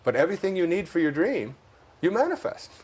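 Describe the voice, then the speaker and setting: Man, Detroit accent, breathy, interview guest, reflective storytelling, chuckles at his own jokes. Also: high-pitched, sing-song, brisk, a little mellow. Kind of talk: reflective spiritual interview talk.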